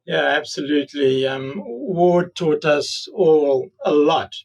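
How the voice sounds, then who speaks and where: A man's voice: on the high side, takes it slowly, creaky, a little mellow, far from the mic, low-quality recording. A man with a South African accent, an orthodontist guest on a podcast, speaking reflectively with many fillers. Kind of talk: podcast interview.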